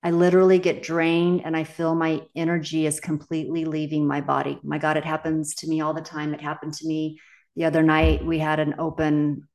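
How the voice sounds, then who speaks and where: A woman's voice: low voice, darkish tone. A middle-aged woman coach and podcast host, talking casually, candid and emphatic, swearing freely. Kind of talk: casual solo podcast talk.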